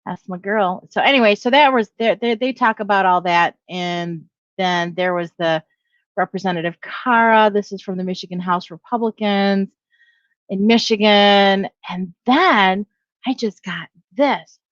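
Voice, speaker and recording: A woman's voice: medium pitch, measured pace, no room sound, lo-fi sound. A middle-aged woman giving casual opinion commentary, rambling, correcting herself and reading headlines aloud. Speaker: video blogger.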